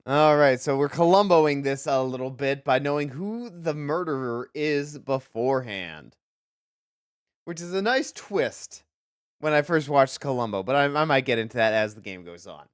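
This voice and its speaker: A woman's voice: extremely low pitch, animated, normal speed, clear, resonant tone, no room sound, clean studio sound. A woman streamer giving chatty, jokey commentary while playing a video game. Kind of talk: casual let's-play commentary.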